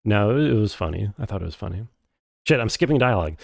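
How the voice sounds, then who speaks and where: A man streaming a game, chatting casually and reading chat aloud in a rambling, deadpan, self-deprecating way. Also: on the low side, fast, vocal fry, no room sound, clean studio sound. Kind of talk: casual live-stream chat while playing.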